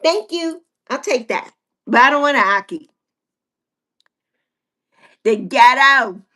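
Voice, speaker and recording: A woman's voice: high voice, expressive, takes it slowly, sharp tone. A woman in her sixties hosting a casual livestream chat with viewers, playful and teasing. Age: 60s. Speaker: livestream host.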